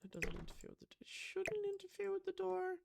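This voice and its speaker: A woman gives casual gameplay commentary in a lively, swooping voice with a gravelly fry running through it. She gasps and muses aloud as she builds, filling pauses with "um". A faint hiss sits behind her. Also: very high voice. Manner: chatty, lots of "um" and gasps. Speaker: Sims builder.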